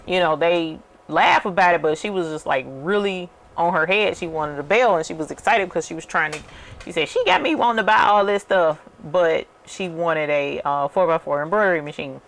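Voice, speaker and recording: A woman's voice: deep voice, moderate pace, a bit bright. A woman hosting a crafting channel, telling a story in a chatty, casual way and calling her viewers y'all. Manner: chatty, addresses viewers as y'all, many fillers. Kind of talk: casual storytelling while working.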